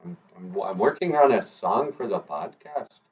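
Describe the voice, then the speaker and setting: A man's voice: fairly low pitch, animated, moderate pace, a little mellow. A man hosting a casual language vlog, playful and joking as he teaches phrases. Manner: playful, joking, laid-back. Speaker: podcast host teaching Ojibwe phrases. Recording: dull lo-fi audio with faint guitar.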